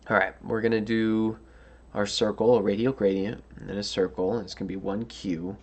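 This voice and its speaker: Yawning and worn out, a man hosting a coding tutorial works through a puzzle out loud at a moderate pace. His fairly low voice barely moves in pitch, and he hesitates with many fillers and restarts on dull-sounding audio.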